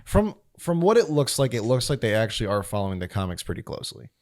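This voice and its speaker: A man's voice: medium pitch, sing-song, quick pace, a little mellow. A man co-hosting a film podcast, talking casually and opinionatedly, swearing and laughing now and then. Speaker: podcast co-host. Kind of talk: casual chat.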